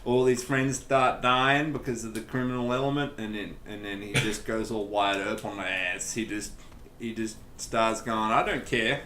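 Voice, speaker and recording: A young man chatting casually over a let's play, telling stories in a rambling, animated way. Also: on the low side, normal speed, a little hiss or hum. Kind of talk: casual gaming chat. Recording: echoey room.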